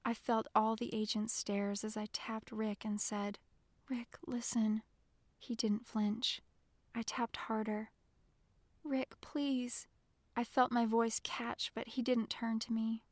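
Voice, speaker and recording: A woman narrating an audiobook in the first person, with soft, emotional storytelling. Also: fairly high pitch, dry recording.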